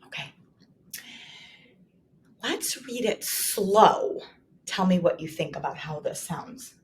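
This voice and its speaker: Lady teacher walking little kids through a sentence real slow, sounding out every word, bit of faint noise behind. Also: on the low side, lively intonation. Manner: slow, exaggerated sounding out of words. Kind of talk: modeled writing lesson for young children.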